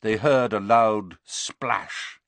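A man narrating an audiobook with expressive storytelling, voicing every character himself. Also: fairly low pitch, very slow, dry recording.

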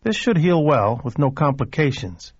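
A man reading a cool, brisk, matter-of-fact former doctor with a clinical manner. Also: mid-range voice, very animated, breathy edge, dry recording, lo-fi sound. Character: cold, clinical older male ex-doctor.

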